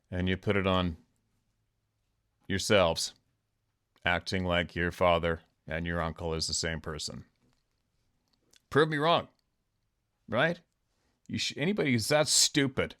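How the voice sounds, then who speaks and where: A man's voice: fairly low pitch, measured pace, pauses often, fairly bright tone. A man hosting his own show, delivering an angry, profane monologue rant full of sarcasm and scorn. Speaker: host.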